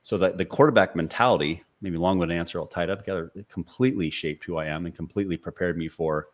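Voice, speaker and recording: A very low-voiced man in his forties sits as a podcast guest. He tells stories in an earnest, motivational way, often restarting his sentences and leaning on fillers. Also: fast. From Seattle area. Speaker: podcast guest, sales speaker and author. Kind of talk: conversational storytelling interview.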